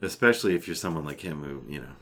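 A man's voice: a bass voice, animated, very fast, a bit bright. A man co-hosting a podcast in casual chat, wry and teasing, swearing now and then. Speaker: podcast co-host.

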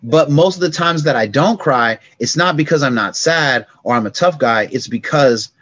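A middle-aged man talking as a podcast guest, with an everyday mid-range pitch. He tells stories in an animated way and jumps into sound effects and quoted voices. The sound is dry and close, with no room around it. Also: moderate pace, no room sound, dull audio. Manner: animated, acts out sounds and dialogue. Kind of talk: casual storytelling conversation.

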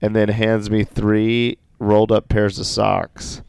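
A man telling funny stories in a casual chat, animated and laughing often. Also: fairly low pitch, slow pace, gravelly, clean tone, no room sound.

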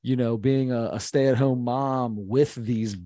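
A man in his thirties co-hosts a casual podcast, with a middle-pitched voice. He talks in an animated way and breaks into accent impressions now and then. The sound is dry and close to the mic. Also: unhurried, no room sound. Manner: animated, mimics accents for laughs. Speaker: podcast co-host. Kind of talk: casual chat reviewing comedy.

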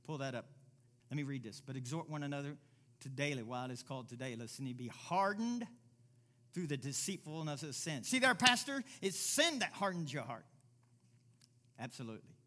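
A man preaching a sermon as pastor, reading scripture aloud and building from quiet, low passages to loud, emphatic ones. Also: animated, a little fast. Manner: reads scripture aloud and voices imagined listeners.

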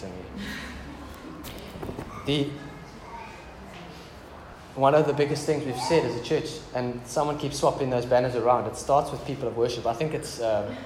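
A man preaching a casual, joking sermon in a church hall. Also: mid-range voice. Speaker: pastor. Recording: echoey church hall with background noise.

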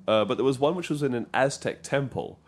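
A man co-hosting a casual podcast about video games, talking in a jokey, animated way with sudden bursts of excitement. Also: medium pitch, brisk, soft background music. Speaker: podcast co-host.

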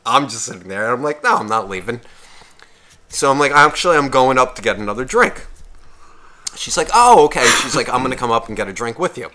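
A man's voice: mid-range voice, fast. A man co-hosting a podcast, telling a bar story in casual chat, swearing a lot and acting out what others said. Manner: profane, animated, quotes others in shifting voices. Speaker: podcast co-host.

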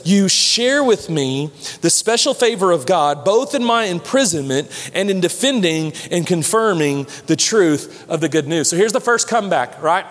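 A man preaching a sermon as pastor, animated, dropping low and slow to stress points. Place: large church hall. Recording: long hall reverb.

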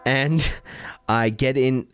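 A man, a comedian, telling a rambling, animated story full of restarts and fillers. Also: mid-range voice, takes it slowly, clean tone, soft background music. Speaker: comedian guest.

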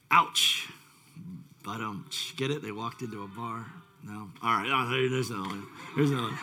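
A man's voice: medium pitch, lively intonation, moderate pace, pushed and bright. A male pastor preaching a casual, rambling sermon with many fillers and self-deprecating asides.

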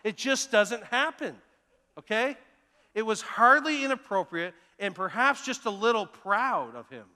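A middle-aged man preaching a sermon as pastor, telling personal stories earnestly, moving between emphatic lines and hushed ones. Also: high-pitched, animated, unhurried. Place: church sanctuary. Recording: long church reverb.

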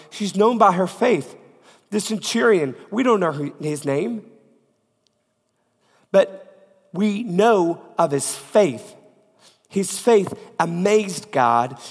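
Pastor with a cold, a man, sermon delivery, emphatic repetition, slightly high voice. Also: big-room sound. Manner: emphatic preaching with repeated phrases, rising to loud peaks and dropping to quiet. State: has a cold.

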